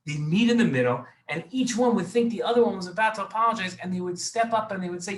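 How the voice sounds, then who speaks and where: A man telling a story to children, lively and expressive, speaking directly to his young listeners. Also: sits high, fast talker, few pauses, poor audio. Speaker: rabbi storyteller.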